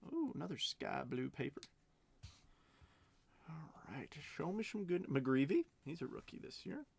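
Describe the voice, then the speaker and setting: A man's voice: a little high, big pitch swings, a little slow, vocal fry, darkish tone, husky. A man hosting a live card break stream, chatting as he calls out cards and bids. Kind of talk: live stream auction chat.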